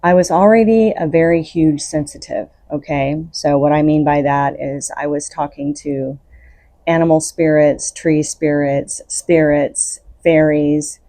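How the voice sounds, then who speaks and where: In a dry recording, a woman with a low, mellow voice hosts her own podcast. She delivers unscripted spiritual self-help in an earnest coaching style, laughing between thoughts.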